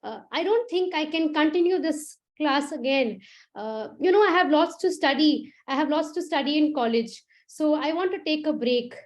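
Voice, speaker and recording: A shy young woman stumbling over her words with lots of hesitant fillers, her voice high and soft, as a woman narrator plays her. She sounds anxious and apologetic in a spoken story. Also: animated, moderate pace. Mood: nervous. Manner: hesitant, stammering, many fillers. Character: nervous young woman student, timid and halting.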